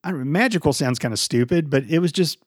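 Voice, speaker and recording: A man's voice: a little high, quick pace, no room sound. Chill guy going over a movie, dry close mic, teases his buddy. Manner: laid-back, teasing, swears casually. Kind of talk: casual movie review chat.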